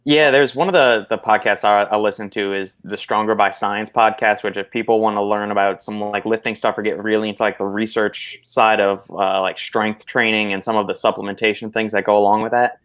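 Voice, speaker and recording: A man co-hosting a live stream as a supplement expert, explaining in a relaxed, halting way. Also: fairly low pitch. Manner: relaxed, explanatory, hesitant restarts. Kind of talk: casual expert chat.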